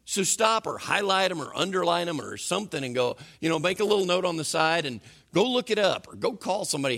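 A male pastor preaching a sermon in an animated, conversational way. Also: high voice, fast, gravelly, hardly any pauses.

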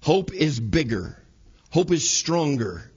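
A man's voice: a little high, big pitch swings, takes it slowly, a little mellow, slightly rough, lo-fi sound. A man in his thirties preaching a sermon in a church, acting out everyday scenes in quoted voices. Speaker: pastor. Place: church sanctuary.

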